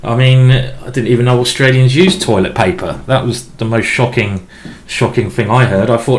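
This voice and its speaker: Guy streaming chess, thinking out loud, rambly and chatty, lots of restarts. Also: mid-range voice, steady tone, moderate pace, slight background noise. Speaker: chess grandmaster streaming a game. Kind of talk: live-stream chess commentary, thinking aloud.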